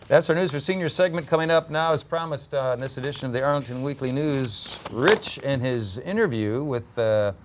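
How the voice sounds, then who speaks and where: A man's voice: mid-range voice, fairly quick, few pauses, noisy background. A man hosting a local news show, reading announcements loosely with fillers and slips. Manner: loose read with ums and slips.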